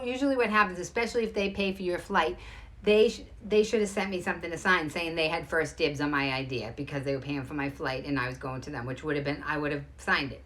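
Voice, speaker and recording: Fast-talking emphatic woman, low voice. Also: a bit bright. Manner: rapid, emphatic, restarts a lot. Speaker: show host. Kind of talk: direct-to-camera storytelling.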